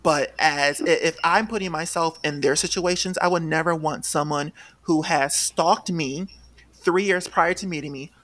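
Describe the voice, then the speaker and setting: A young man hosting a podcast, chatting about reality TV gossip in an animated, sassy way with sudden shrill outbursts. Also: normal speed. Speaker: podcast host. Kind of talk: casual gossip chat.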